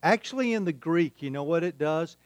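A man's voice: fairly high pitch, expressive, a little fast, no echo. A man preaching a sermon, emphatic and repeating his key phrases. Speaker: pastor.

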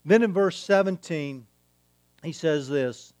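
A man's voice: a little high, animated, measured pace, no room sound. A man preaching a sermon, emphatic and repeating his key phrases. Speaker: pastor.

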